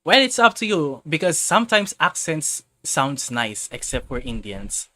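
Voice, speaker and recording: A man's voice: fairly high pitch, sing-song, measured pace, pushed and bright, no room sound. A man chatting casually on a live stream, rambling and often restarting and repeating himself, speaking English as a second language. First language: not English.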